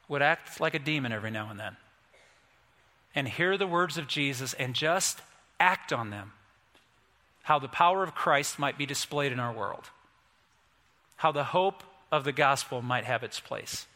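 A male pastor preaching a sermon, emphatic and storytelling, building to forceful peaks. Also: mid-range voice, lively intonation, a little slow, long pauses. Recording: long hall reverb.

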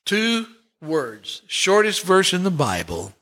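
A man preaching a sermon in a high, bright voice. He leans on single words, slows to a near stop, then lifts again in rising swells. His delivery is deliberate and heartfelt, built for a congregation. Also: wildly swooping pitch. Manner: preaching with dramatic pauses and swells. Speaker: pastor.

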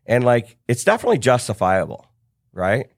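A middle-aged man tells a story in a relaxed podcast chat, jumping into other people's voices as he quotes them. His voice sits in an ordinary middle register. The recording is close and dry, with no room sound behind it. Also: mid-range voice, fairly quick, no echo. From United States. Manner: animated storyteller acting out quoted dialogue. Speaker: business coach, podcast guest. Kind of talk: storytelling in casual conversation.

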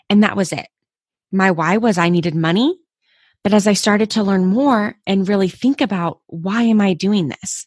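A woman's voice: mid-range voice, moderate pace, a little mellow, slightly rough, no room sound, clean studio sound. A woman in her thirties hosting a motivational solo podcast, talking in a candid, personal and encouraging way. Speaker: podcast host.

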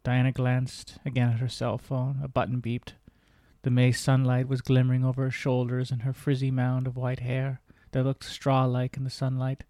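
Earnest male host reading his memoir, even delivery, dry close sound. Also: mid-range voice, moderate pace, no echo. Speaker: podcast host.

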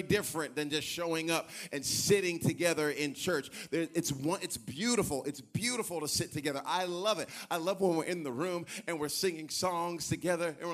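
Animated male pastor preaching. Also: a little high, brisk, hardly any pauses. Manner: animated, acts out voices of others. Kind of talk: sermon. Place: church sanctuary.

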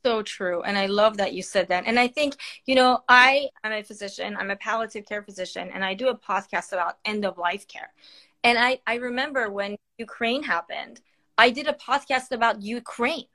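A woman's voice: medium pitch, moderate pace, sharp tone. A woman physician from Iran, speaking earnestly and with passion in a live-stream chat while holding back tears, with many fillers and restarts. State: tearful, holding back crying. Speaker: palliative care physician and podcaster, guest. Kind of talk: emotional live-stream conversation.

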